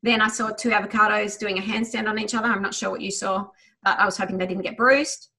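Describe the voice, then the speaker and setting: A woman teaching a memory exercise over a video call, guiding listeners through a visualization in a quick, enthusiastic, chatty way. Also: medium pitch, fairly even intonation, pushed and bright. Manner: quick, enthusiastic talker who tries to slow down; chatty, with many fillers. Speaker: memory trainer. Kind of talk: guided visualization lesson.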